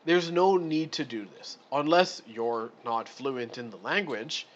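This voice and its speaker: A man's voice: medium pitch, measured pace. Man, live stream reader, exasperated ranting, swears, slightly muffled audio, faint hiss. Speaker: streamer reading a module. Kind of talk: live read-through with commentary.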